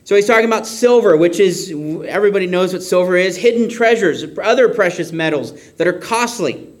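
A man preaching a sermon, expressive, acting out shouts and whispers. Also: high-pitched, fairly quick.

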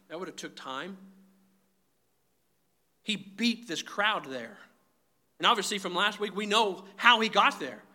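A man's voice: high-pitched, bright, forceful tone. A man preaching a sermon, emphatic and direct, often calling his listeners "guys". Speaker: pastor.

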